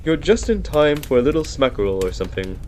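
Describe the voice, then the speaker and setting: A man voicing a gentle, simple-minded bear cub who talks cheerfully and gets a bit muddled, humming his songs. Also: medium pitch, big pitch swings, fast talker, slight background noise, close to an everyday voice.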